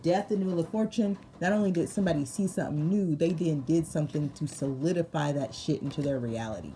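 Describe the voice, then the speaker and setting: A woman's voice: low voice, a little fast, mellow. A woman doing a casual tarot reading for her viewers, laughing often and repeating phrases for emphasis, with slangy talk. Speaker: tarot reader. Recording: noticeable background noise.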